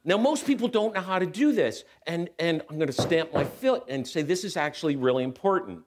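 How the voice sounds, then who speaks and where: A middle-aged man giving a talk at a spiritual center as guest speaker, telling a personal story with animated, self-mocking delivery and acting out voices. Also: a little high, a little fast, background noise. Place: church hall. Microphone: handheld microphone.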